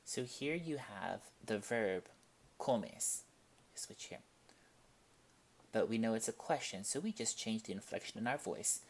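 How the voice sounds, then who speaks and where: A man teaching a Spanish lesson, explaining each point slowly and deliberately and reading out example sentences. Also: fairly low pitch, expressive. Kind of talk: classroom-style language lesson.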